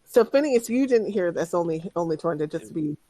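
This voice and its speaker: A woman's voice: fairly low pitch, animated, fast, warm tone, dry recording, low-quality recording. A woman running a tabletop game as dungeon master, patiently guiding the players. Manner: patient, stops to direct players.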